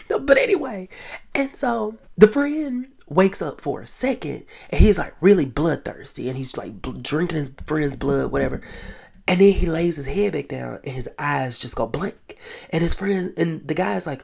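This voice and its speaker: A man hosting a casual podcast, recapping a TV episode in an animated storytelling way with quick whispered asides. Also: high voice, gravelly, breathy edge. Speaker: podcast host.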